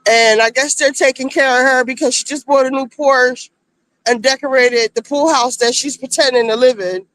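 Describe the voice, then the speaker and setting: A woman's voice: sits high, fairly even intonation, normal speed, a bit bright, no room sound. Blunt gossipy woman on a phone stream. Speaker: streamer recapping a reality show. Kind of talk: casual live-stream chat.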